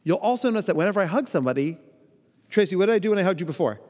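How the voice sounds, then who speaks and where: Animated man speaking in a reverberant hall. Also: high-pitched, very fast. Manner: animated, playful, acts out quoted voices. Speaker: keynote speaker. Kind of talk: conference talk. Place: large conference hall.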